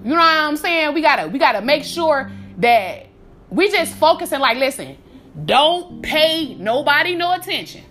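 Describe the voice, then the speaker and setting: A woman hosting a podcast, giving casual, profane, animated motivational advice with frequent laughs, calling the listener baby. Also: high voice, moderate pace, a little hiss or hum. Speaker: podcast host.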